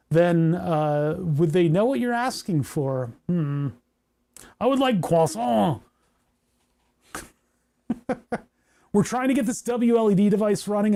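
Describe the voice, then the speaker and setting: High-voiced man rambling while tinkering. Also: warm tone. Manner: rambling, joking, talks to chat while working. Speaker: maker streaming a hardware project. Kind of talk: casual livestream tinkering talk.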